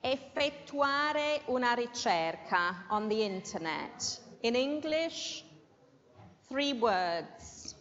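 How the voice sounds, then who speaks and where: A woman's voice: a little high, expressive, takes it slowly, fairly bright tone. A woman teaching an English class in a classroom and leading a dictation, patiently repeating each word twice. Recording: dull lo-fi sound with long room reverb.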